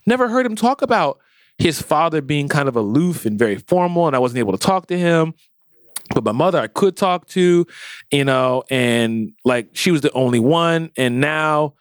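A man co-hosting a casual comic book discussion, animated and emotional, acting out quoted lines by dropping his voice low. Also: no room sound, clean studio sound. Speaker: podcast co-host.

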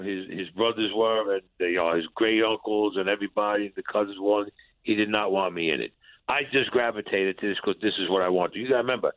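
A New man telling a story over the phone. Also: dry recording. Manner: animated storyteller who acts out dialogue with rising pitch. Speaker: interview guest. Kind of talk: storytelling, recounting his past. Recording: dry, tinny phone line.

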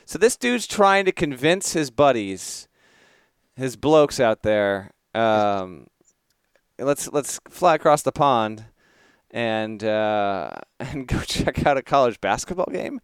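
Playful male co-host, smooth clear voice, dry close-mic sound. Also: medium pitch, lively intonation, takes it slowly, dry recording. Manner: playful, teasing, laughs easily. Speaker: podcast co-host. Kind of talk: casual sports podcast chat.

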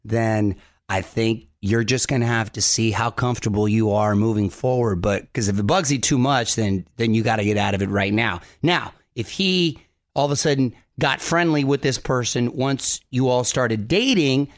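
A man's voice: medium pitch, normal speed, dry recording. A man hosting a radio show in casual, chatty talk, recorded close on a studio mic. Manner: upbeat, chatty. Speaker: radio host.

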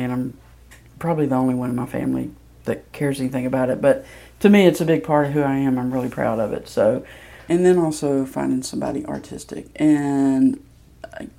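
Lady spinning a candid story, gravelly mellow voice, lotsa ums. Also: rumbling low. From Mississippi, USA. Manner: candid, self-deprecating, loose with fillers. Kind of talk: personal storytelling.

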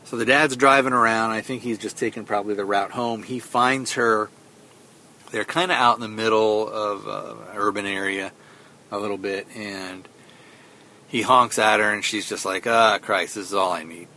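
A man's voice: on the low side, fairly even intonation, moderate pace, pushed and bright. A man hosting a podcast, casually retelling a film's plot in a rambling way, with many fillers and quoted lines. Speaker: podcast host. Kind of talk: casual film review recap.

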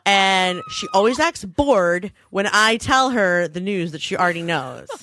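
Animated woman telling podcast stories. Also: unhurried, no room sound, clean studio sound. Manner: animated storytelling, acts out quotes with big pitch jumps. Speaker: podcast co-host. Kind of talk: casual chat.

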